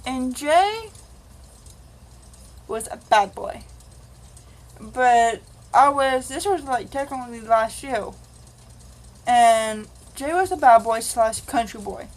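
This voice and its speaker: A woman's voice: a little high, animated, slow, pauses often, low-quality recording. A woman vlogger telling a rambling, casual confessional story and acting out the dialogue. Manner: rambling, acts out quoted dialogue.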